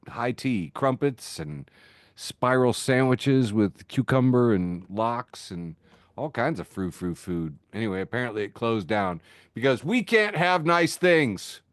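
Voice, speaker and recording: A man's voice: medium pitch, no echo. A man hosting a casual podcast, reading funny social media posts aloud and laughing often. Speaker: podcast host. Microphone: video call mic.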